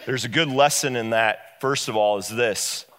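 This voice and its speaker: A man preaching a sermon, retelling a Bible story in a lively way and acting out the characters. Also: medium pitch, moderate pace, big-room sound. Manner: animated storytelling, acts out the characters.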